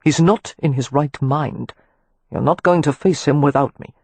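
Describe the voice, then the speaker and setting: A woman narrator voicing Cam, a confident young man who speaks calmly and reasonably. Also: low voice, normal speed, breathy edge, no room sound. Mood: steady. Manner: calm, reasonable, assured.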